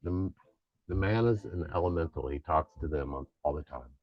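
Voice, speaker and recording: A man's voice: a bass voice, a little fast, lo-fi sound. A man co-hosting a casual live spiritual chat stream, laughing often and trailing off mid-thought.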